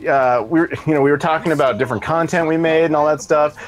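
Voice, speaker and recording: A man's voice: on the high side, quick pace. A man co-hosting a podcast, telling an anecdote in casual chat and acting out what others said. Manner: animated, acts out others' voices. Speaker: podcast co-host.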